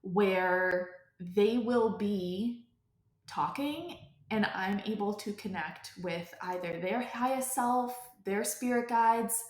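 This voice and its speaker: A young woman hosting a podcast, telling a personal story off the cuff in a rambling way, full of filler "likes" and restarts. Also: mid-range voice. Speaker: podcast host. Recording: echoey room.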